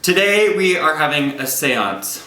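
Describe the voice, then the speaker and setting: A man co-hosting a campy comedic review podcast, sassy and quick-witted. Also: fairly high pitch, very animated, pushed and bright. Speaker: podcast co-host. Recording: roomy with faint noise.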